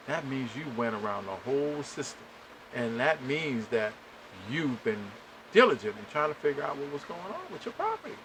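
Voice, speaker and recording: There's slight background noise in this low-quality recording of a podcast host with a mid-range voice talking at normal speed. Casual, animated, and exasperated, he tells a long story while speaking directly to his listeners.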